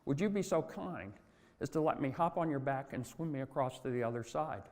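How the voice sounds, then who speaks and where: A man's voice: mid-range voice, lively intonation, brisk, darkish tone, long reverb tail, lightly acted. A man voicing a sly, polite male scorpion in a fable, wheedling in a formal, courteous way. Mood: polite pleading.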